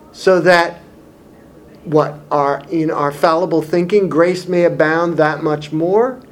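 A man's voice: high voice, a little hiss or hum. A man teaching through a Bible passage in an expository sermon, speaking in an emphatic, explanatory way. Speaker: preacher.

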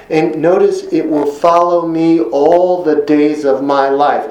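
A man preaching a sermon in an earnest, emphatic way, slowing down to stress key phrases. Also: a little high, fairly even intonation, a little mellow, reverberant, poor audio.

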